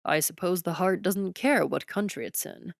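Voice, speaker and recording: A woman voicing a polite, composed young prince in an audiobook, speaking in a measured, formal way. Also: fairly low pitch, animated, gravelly, no room sound, clean studio sound.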